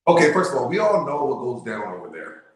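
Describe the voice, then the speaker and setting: A man's voice: mid-range voice, huge pitch swings, fast talker. A man in casual debate as a show guest, talking emphatically and repeating himself as he lays out his point. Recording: very echoey room.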